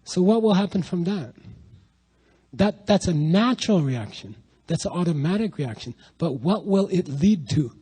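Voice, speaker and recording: A middle-aged man giving a lively spiritual talk to an audience, telling stories and asking rhetorical questions. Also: sits high, moderate pace, husky, poor audio. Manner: animated, rhetorical questions, storytelling. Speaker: spiritual teacher.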